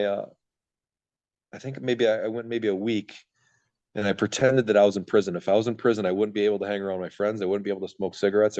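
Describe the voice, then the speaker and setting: Fast-talking low-voiced man telling his story. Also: mellow. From Michigan, USA. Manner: rambling, self-interrupting, acts out his own past thoughts. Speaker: podcast guest. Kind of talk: candid storytelling in a podcast interview. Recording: dull lo-fi sound.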